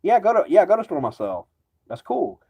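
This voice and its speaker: A man's voice: sits high, huge pitch swings, moderate pace, creaky, breathy edge. A man ranting casually to camera, rambling and agitated, swearing constantly. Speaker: vlogger. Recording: dull lo-fi recording.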